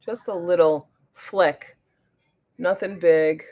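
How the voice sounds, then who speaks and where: A woman's voice: fairly low pitch, fairly even intonation, takes it slowly, dark tone. A woman with a New Jersey accent hosting a casual makeup livestream. She chats with viewers and reads their comments aloud, often trailing off mid-sentence while she works on her makeup. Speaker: beauty livestream host.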